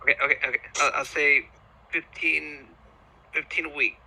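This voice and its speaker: A man playing a tabletop game, describing his character haltingly with many restarts. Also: on the high side, fairly even intonation, vocal fry, bright, forceful tone, low-quality recording. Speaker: player.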